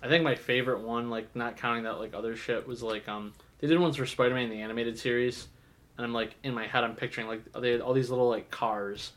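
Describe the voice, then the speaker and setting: A man's voice: mid-range voice, fairly even intonation, quick pace, fairly bright tone. A man co-hosting a casual podcast chat in a comic shop, rambling with lots of fillers and restarts. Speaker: podcast co-host.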